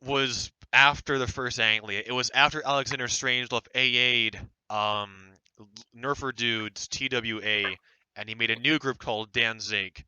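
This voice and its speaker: A young man in his late teens with a smooth, bright, clean-sounding voice tells stories in an animated, laughing way. He mocks others by acting out their lines. The sound is close and dry. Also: medium pitch, a little slow, dry recording, low-quality recording. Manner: laughing, animated storytelling with mocking quoted voices. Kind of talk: casual storytelling chat.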